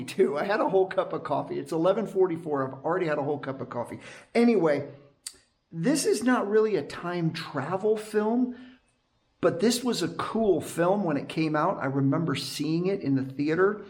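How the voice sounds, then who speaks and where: A man working as a night security guard, chatting casually to his action camera from a gate booth in a rambling, restless way. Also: fairly high pitch. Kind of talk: casual vlog chat to camera.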